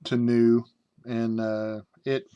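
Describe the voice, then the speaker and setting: Middle-aged American man, casual reviewer, rambly and self-amused, dry close sound, average pitch. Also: little pitch movement, slow pace, dark tone, smooth, no room sound, lo-fi sound. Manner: rambling, with frequent fillers and self-amused asides. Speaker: game reviewer.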